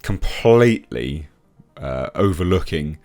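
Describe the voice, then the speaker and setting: A man with a very low voice runs a scoffing commentary vlog, breaking off often with filler sounds. Soft music plays faintly underneath. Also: lively intonation, takes it slowly. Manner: mocking, scoffing, frequent uh fillers. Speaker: YouTube commentator.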